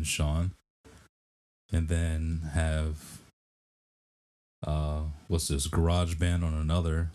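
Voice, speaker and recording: A man with an extremely deep, low voice hosts a podcast from his home office. He rambles and jokes, filling pauses with ums and uhs. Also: a little mellow. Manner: rambling, jokey, many fillers. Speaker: podcast host. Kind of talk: casual chat.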